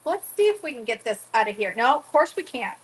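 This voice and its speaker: Chatty middle-aged woman, home cooking vlogger, teasing and fairly high-pitched. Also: sing-song, fairly quick, slight background noise, rough recording. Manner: chatty, teasing, talks to viewers by name. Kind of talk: casual chat while cooking. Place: home kitchen.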